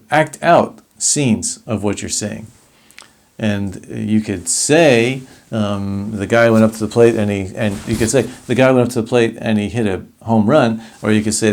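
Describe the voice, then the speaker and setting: A man's voice: on the low side, a little mellow. Man teaching a recorded speech lesson. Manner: explanatory, with demonstrations of varied delivery.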